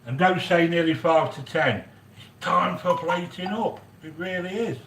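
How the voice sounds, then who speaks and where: A man hosting a chatty cooking stream from a home kitchen, rambling excitedly and answering viewers by name. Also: sits high, moderate pace. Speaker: cooking video host. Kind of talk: chatty cooking livestream monologue. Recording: echoey room with faint background noise.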